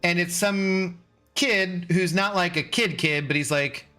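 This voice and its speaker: Bright-voiced man in his forties, casual. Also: high voice, unhurried, faint music behind. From Washington State, USA. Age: 40s. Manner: loose, profane, laughs often. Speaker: livestream host reading chat. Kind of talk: casual chat.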